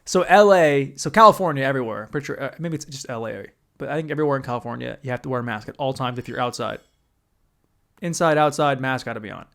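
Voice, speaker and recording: A young man hosting a podcast alone, delivering a profane, animated comedic rant and acting out other people's voices. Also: mid-range voice, fast talker, vocal fry. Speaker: podcast host.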